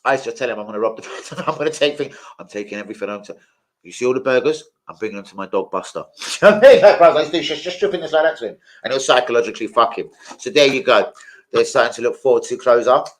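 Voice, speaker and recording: A man's voice: mid-range voice, very fast, poor audio. A young man, telling crude, swear-filled stories on a live stream. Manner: crude, swearing, animated storytelling. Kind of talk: casual live stream chat.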